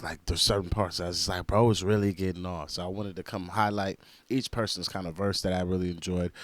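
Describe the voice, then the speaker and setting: A man's voice: lowish voice, no room sound. A man casually chatting through a reaction video, laid-back and slangy, full of "like.". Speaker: reaction video host and rapper.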